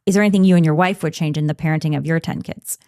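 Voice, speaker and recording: A woman's voice: low-pitched, fairly even intonation, racing, darkish tone, dry recording, clean studio sound. A woman hosting a podcast interview, asking questions in an affirming, conversational way. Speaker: podcast host.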